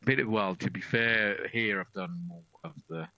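A middle-aged Englishman appears as a radio guest, chatting casually about amateur acting in a self-deprecating way with plenty of restarts. His voice is fairly low and sharp-toned at a moderate pace, and the recording is dry, with a dull lo-fi radio sound.

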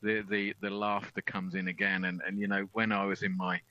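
A man's voice: fairly low pitch, flat delivery, fairly quick, pushed and bright, no room sound. A middle-aged man with an English accent, chatting as a radio guest about amateur acting, self-deprecating and full of restarts. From England. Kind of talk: casual radio chat. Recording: dull lo-fi radio sound.

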